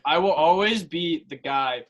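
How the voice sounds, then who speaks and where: A man's voice: fairly high pitch, unhurried, fairly bright tone, dull audio. A young man co-hosting a casual podcast, playful and emphatic, often laughing. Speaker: podcast co-host.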